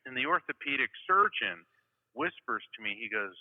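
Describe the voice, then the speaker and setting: A man's voice: medium pitch, normal speed, in a large hall, narrow, tinny audio. A man telling a long travel story in a casual interview, full of fillers and asides. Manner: rambling, many "you know" fillers, animated retelling. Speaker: guest storyteller.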